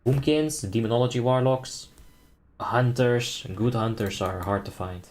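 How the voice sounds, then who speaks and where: A young man from the Netherlands chats casually on a game stream in a medium-pitched, steady, slightly mellow voice at a measured pace. Laid-back and joking, he reads chat aloud, laughs often, and calls raid tactics.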